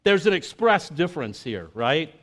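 Man pastor, fairly high voice, loose talky sermon with lots of fillers, swings from lively to hushed and earnest. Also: normal speed. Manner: chatty, full of "you know" and "like" fillers; moves between lively asides and quiet, earnest reflection. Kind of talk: conversational sermon.

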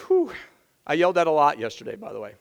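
A pastor delivers a sermon in a notably high, gravelly voice, talking quickly and with lots of energy. He hammers his points home by repeating key phrases, his voice a bit strained from shouting the day before, and the recording sounds muffled.

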